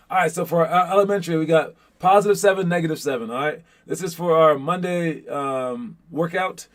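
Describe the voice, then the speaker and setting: A man coaching young basketball players in a casual pep talk, energetic and rambling, often checking in with "all right?". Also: a little high, moderate pace. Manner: rambling, repeats words while thinking.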